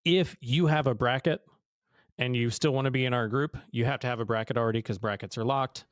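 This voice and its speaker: Relaxed male co-host signing off. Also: mid-range voice, brisk, no echo, studio quality. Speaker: podcast co-host. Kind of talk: podcast sign-off and chat.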